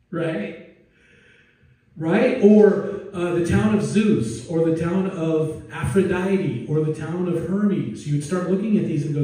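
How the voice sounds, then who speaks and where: A male pastor gives a relaxed, rambling sermon, restarting sentences and slipping in jokes. His voice sits somewhat high with a warm, mellow tone. The mic is set back, so the sound washes around a heavily reverberant church sanctuary. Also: takes it slowly. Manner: casual, digressive, with joking asides and restarts. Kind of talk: conversational sermon. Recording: very echoey room, distant mic.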